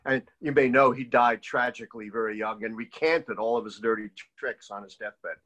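A mid-range, moderately paced male voice belongs to an older political historian sharing stories in an interview. He brings quoted figures to life by voicing them, though the recording is low in quality.

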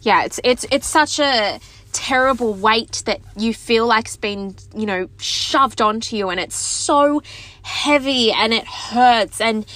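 A woman's voice: fairly high pitch, takes it slowly, a bit bright, dry recording. A woman in her twenties telling a personal story to her viewers, chatty and candid, with lots of "like" and self-mocking laughs. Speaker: vlogger.

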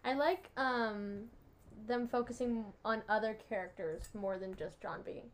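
Young woman, giggly casual chat, slightly high voice, lots of fillers. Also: measured pace. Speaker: podcast co-host.

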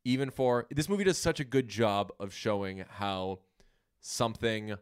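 A man's voice: lowish voice, moderate pace, smooth. A man chatting casually about a movie, rambling and swearing, acting out characters' lines. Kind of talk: casual movie review chat.

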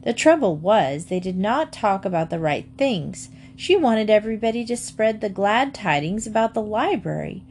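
A woman narrates a children's book at a mid-range pitch, with steady, measured storytelling. Her delivery is clear and even, suited to an audiobook. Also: slight background noise.

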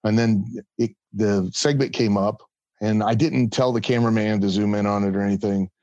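A man's voice: on the low side, fairly even intonation, moderate pace, dark tone, no echo. A man guest telling a story in a casual interview and acting out the other people's voices. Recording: dull lo-fi sound.

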